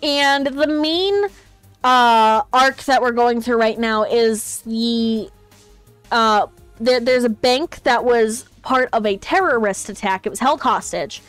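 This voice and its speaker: A woman's voice: a little high, slow, fairly bright tone, clean tone, no echo, soft background music. Woman streamer, casual, rambling explainer, dry close sound. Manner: chatty, explains the story with fillers. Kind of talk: casual gameplay chat.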